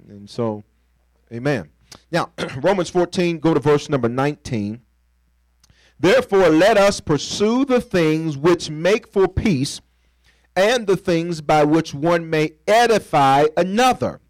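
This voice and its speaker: Taking his time, a pastor with a voice on the high side delivers an expressive, playful sermon, acting out little scenes and calling on the congregation to finish his lines. The call-and-response preaching is recorded without room sound and in poor audio.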